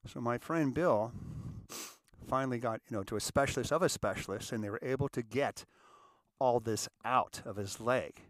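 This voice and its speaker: The recording is dry and cleanly studio-sounding, carrying a middle-aged man's medium-pitched voice at normal speed. Hosting his own podcast, he recounts a reflective personal story in a conversational manner, performing the quotes.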